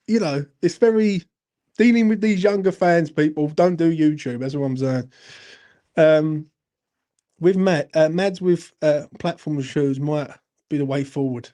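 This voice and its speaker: Thirties bloke, fan-channel live host, slightly high voice with a warm, dark tone, sweary and chatty. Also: male voice, a little slow, long pauses. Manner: blunt, sweary, chatty, addresses viewers as mate. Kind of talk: live-stream fan chat, reading viewer comments.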